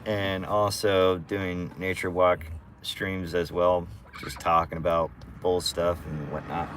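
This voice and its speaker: A man's voice: sits low, slight background noise. A man chatting casually to viewers on a live stream in a laid-back, slangy way.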